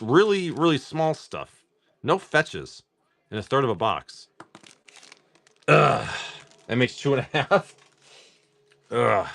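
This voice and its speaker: A man's voice: mid-range voice, fairly bright tone, dry recording. A man hosting a live card-opening stream, chatting casually and profanely while he calls out pulls and jokes about comedy films. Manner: loose and profane, laughing, quoting comedy films.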